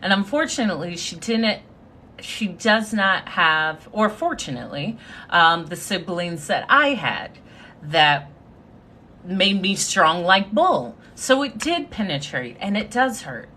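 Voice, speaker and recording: A woman's voice: fairly low pitch, sing-song, a little slow, bright, forceful tone, a little hiss or hum. A woman giving a confident, sassy motivational talk on a live stream, thanking her viewers as she speaks. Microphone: phone.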